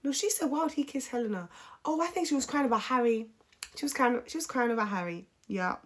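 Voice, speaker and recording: A woman's voice: fairly high pitch, lively intonation, fast, a bit bright. A woman casually recapping a reality show as a live stream host, candid and opinionated, swearing freely.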